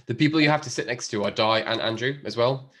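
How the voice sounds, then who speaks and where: A man's voice: medium pitch, fast talker, a bit bright. A man hosting a podcast in casual chat, chatty and laughing often. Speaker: podcast host.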